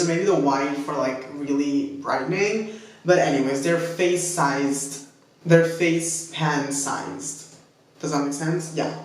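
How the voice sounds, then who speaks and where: A man's voice: on the high side, distant mic. A man chatting casually as a beauty vlogger, talky and self-deprecating, with rambling asides. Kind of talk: casual makeup review chat. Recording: echoey room, off-mic.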